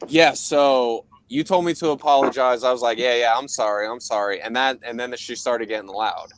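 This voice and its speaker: A young man co-hosts a podcast, telling a rambling, profane story in casual chat and laughing often. He has a mid-range voice at a normal speed, with slight background noise.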